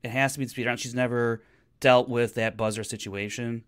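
A man co-hosting a podcast in casual chat, animated and often restarting his sentences. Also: medium pitch, brisk, clean tone. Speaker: podcast co-host.

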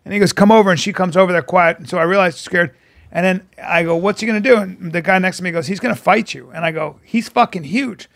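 A middle-aged man co-hosting a podcast, telling a story in a casual, profane, animated way and acting out the quotes. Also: high-pitched, quick pace, vocal fry. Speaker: podcast co-host. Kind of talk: casual chat. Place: podcast studio.

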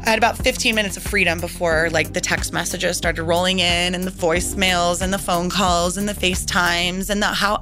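A middle-aged woman recounting her own experience as an interview guest, animated and acting out the voices of others. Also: lowish voice, brisk, few pauses, music in the background. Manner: animated, acts out quoted voices. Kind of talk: emotional personal storytelling.

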